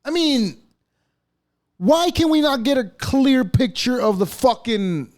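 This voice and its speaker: A man's voice: very high voice, lively intonation, slow, a little mellow. A man hosting a podcast, ranting casually in a profane, mocking way. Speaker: podcast host. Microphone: podcast mic.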